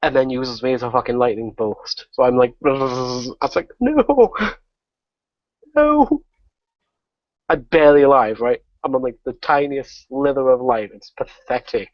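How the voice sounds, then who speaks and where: A man, a guest on a gaming podcast, telling a story in a profane, excitable way and laughing often. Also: medium pitch, normal speed, hardly any pauses, no echo. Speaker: guest gamer. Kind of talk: casual podcast chat. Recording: dull lo-fi podcast audio.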